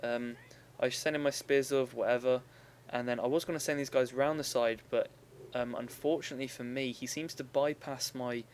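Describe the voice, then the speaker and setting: A man's voice: medium pitch, steady tone, moderate pace, hardly any pauses, a little hiss or hum. A young man giving casual, rambling commentary over a recorded strategy game battle, often stopping to correct himself.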